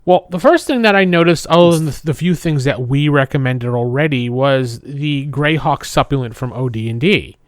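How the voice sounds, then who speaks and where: A man co-hosting a casual gaming podcast, running through listener suggestions in an easy conversational way. His pitch is middling. The recording is dry and close. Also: normal speed, hardly any pauses, dry recording. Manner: conversational, rounds up listener comments. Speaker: podcast co-host.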